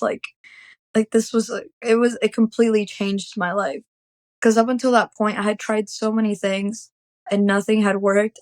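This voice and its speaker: A woman's voice: medium pitch, no echo. A young woman telling an emotional personal story as an interview guest, rambling with many fillers.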